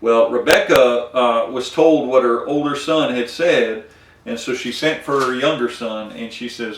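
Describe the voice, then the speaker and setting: A man's voice: medium pitch, measured pace, echoey room, far from the mic. Folksy man retelling Bible stories. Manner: folksy, animated storytelling with many fillers. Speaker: Bible study teacher. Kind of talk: retelling scripture with acted-out dialogue.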